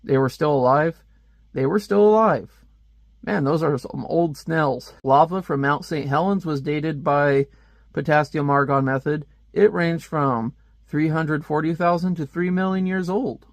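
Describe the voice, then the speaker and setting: A man's voice: fairly high pitch, steady tone, a little slow, dry recording. A man giving casual, joking commentary while reviewing a comic book page by page. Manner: chatty, joking asides.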